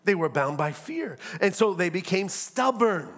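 High-voiced man preaching a lively sermon. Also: normal speed. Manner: preaching with humor and acted-out asides. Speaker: pastor.

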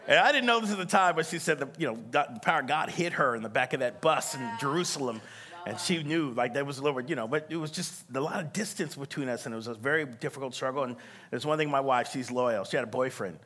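A man preaching a sermon, telling a story with lively acted-out voices and calling out to the congregation. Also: medium pitch, fast, crowd noise. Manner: animated storytelling, acts out voices, laughs, calls to congregation. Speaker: pastor.

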